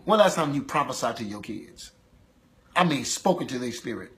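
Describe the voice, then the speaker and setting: High, bright-voiced preacher man. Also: fairly quick. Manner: impassioned, rhythmic repetition, swings from loud calls to low intensity. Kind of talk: sermon.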